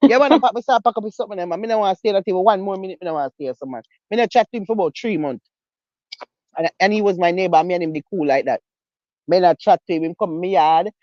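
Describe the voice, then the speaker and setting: A woman with a Jamaican accent talking in patois in a casual live-stream chat, animated and emphatic. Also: fairly low pitch, racing, no echo, muffled recording. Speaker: co-host.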